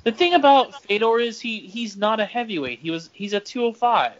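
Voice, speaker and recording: Male podcast co-host, slightly high voice, deadpan one-liners. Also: fairly quick. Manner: dry, short replies. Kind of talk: casual sports chat. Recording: dull lo-fi sound.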